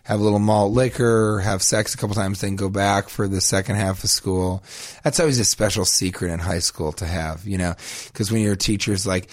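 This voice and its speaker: A man hosting a comedy podcast, telling crude, absurd stories in a deadpan, rambling way. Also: on the low side, normal speed, dry recording, clean studio sound.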